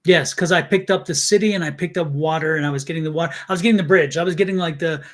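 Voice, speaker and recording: Guy tarot reader on a live, kinda higher voice, searching and trailing off a lot. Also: quick pace. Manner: searching, thinks aloud in fragments. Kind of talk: live psychic reading.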